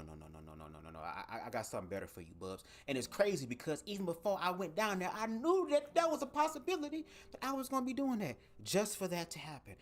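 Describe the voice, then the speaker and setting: A man hosting a casual livestream, talking straight to his viewers in an animated, profane way from a home setup at his microphone. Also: a little high. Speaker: livestream host. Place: home setup, speaking to camera. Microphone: desk microphone.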